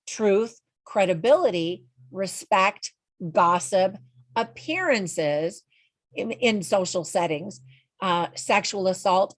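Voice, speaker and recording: A woman's voice: medium pitch, no room sound. A middle-aged woman giving a casual, frank movie review in a chatty way, often laughing at her own asides.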